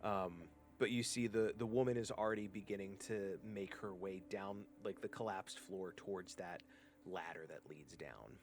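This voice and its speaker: A game master narrating a tabletop game in a fairly low male voice. He rambles loosely, full of fillers and restarts as he describes the scene. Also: moderate pace. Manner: rambling, many fillers and self-corrections.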